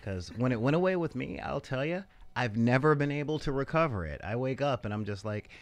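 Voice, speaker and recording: A man's voice: mid-range voice, expressive, brisk. A young man co-hosting a casual podcast chat, rambling loosely and laughing often. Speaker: podcast co-host.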